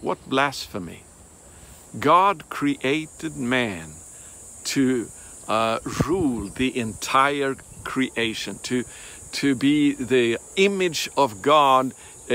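A man giving a Bible teaching in a deliberate, emphatic way, pausing and hesitating often. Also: mid-range voice, a bit bright, a little hiss or hum.

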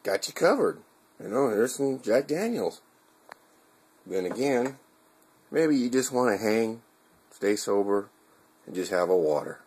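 A man's voice: on the low side, expressive, unhurried, long pauses, darkish tone, slightly rough. A man talking straight to his viewers in a casual, heartfelt vlog, rambling and earnest, with casual swearing and restarts. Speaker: video blogger.

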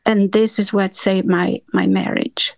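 A woman's voice: mid-range voice, little pitch movement, unhurried, gravelly, no echo. A woman in a study group sharing a personal testimony over a remote call, talking earnestly with small grammar slips. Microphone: remote call audio.

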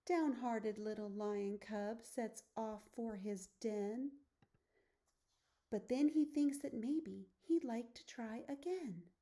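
A woman teacher reading a children's picture book aloud, soft and often hushed. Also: on the high side, slow.

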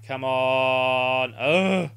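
A man's voice: medium pitch, very slow, vocal fry, a bit bright, smooth. A young man playing a football video game live, urging his team on and swearing in frustration. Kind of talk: live gameplay commentary.

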